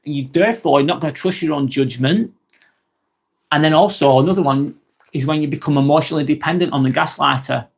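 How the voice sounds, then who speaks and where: A blunt man hosts a live vlog, speaking expressively and swearing as he reads and responds to viewer comments. His voice sits on the higher side for a man. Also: fast talker, creaky, husky. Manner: blunt and expressive, swears freely, acts out quoted abusers. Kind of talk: live stream talk reading chat comments.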